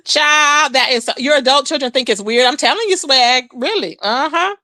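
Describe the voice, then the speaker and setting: Bright high-voiced woman gossiping on stream. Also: normal speed, no room sound. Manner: chatty, animated, calls viewers "child" and "baby". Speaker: livestream host. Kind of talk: casual gossip livestream chat.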